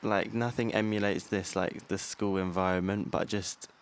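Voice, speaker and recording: A young man co-hosting a casual podcast, his voice low and gravelly with plenty of vocal fry. He tells stories in a chatty way, swears freely and laughs often. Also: fairly even intonation, normal speed. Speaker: podcast co-host. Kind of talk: casual chat.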